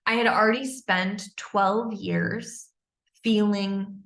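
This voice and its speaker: A woman's voice: mid-range voice, steady tone, slow pace, a bit bright, roomy sound. A woman candidly and earnestly recounting her own story in a personal storytelling monologue. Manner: candid, earnest, intense retelling.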